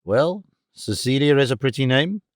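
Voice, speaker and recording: A man's voice: medium pitch, expressive, normal speed, no room sound, clean studio sound, natural voice. A man voicing an impetuous young man in love, eager and vehement, firing questions.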